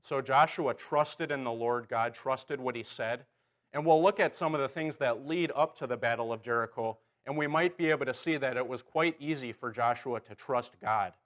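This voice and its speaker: A man teaching a Bible class, his voice at an ordinary middle pitch. He walks the room through the story and keeps checking in with a quick "okay" or "right." He is speaking in a church auditorium. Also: fairly bright tone.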